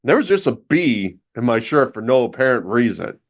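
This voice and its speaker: A man's voice: mid-range voice, sing-song, normal speed. A man co-hosting a podcast, telling a rambling, filler-heavy comic story in casual banter. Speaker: podcast co-host.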